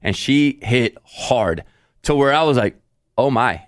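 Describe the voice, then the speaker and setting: A man co-hosting a podcast, telling a family story in a casual, animated way and acting out what he said. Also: mid-range voice, a little slow, clean tone, dry recording, clean studio sound. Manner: animated storyteller, acts out his own quotes. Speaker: podcast co-host. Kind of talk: casual chat.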